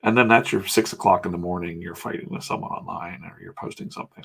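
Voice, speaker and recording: A man's voice: low voice, steady tone, fast, creaky, hardly any pauses, fairly bright tone, slightly rough. A middle-aged man from the United States chatting casually and candidly, with some swearing, while he draws. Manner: rambling, candid and profane. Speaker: comics artist and channel host. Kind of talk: casual talk while drawing.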